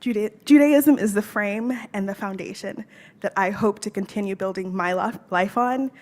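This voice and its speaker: A woman's voice: mid-range voice, moderate pace, a little mellow. A woman reading an earnest, heartfelt personal statement in a synagogue as she converts to Judaism. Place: synagogue sanctuary.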